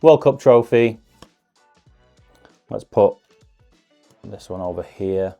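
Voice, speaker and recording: A man's voice: fairly low pitch, takes it slowly, gravelly, lo-fi sound, faint music behind. A man hosting a casual card-opening video, chatting along in a musing way with self-deprecating asides. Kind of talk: casual unboxing commentary.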